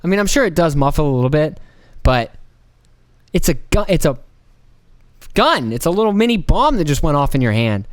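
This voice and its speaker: A man's voice: a little high, sing-song, moderate pace, long pauses, no echo, studio quality. A man hosting a casual solo podcast, rambling and joking with plenty of profanity and playful mock voices. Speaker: podcast host.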